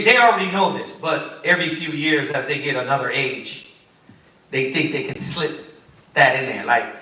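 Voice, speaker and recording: A man preaches in a high, bright voice, animated and pointed, acting out little quotes. The mic sits some way off, so he is heard from a distance in a very echoey room. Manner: animated, preachy, acts out quotes of kids and parents. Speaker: Bible study teacher. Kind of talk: sermon-style teaching.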